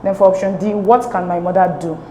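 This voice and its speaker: A woman's voice: on the low side, fairly even intonation, brisk, warm tone, echoey room, a little hiss or hum, rough recording. A woman tutoring an English exam lesson, explaining each answer step by step and checking in with "okay?" as she goes. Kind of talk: recorded exam-prep lesson.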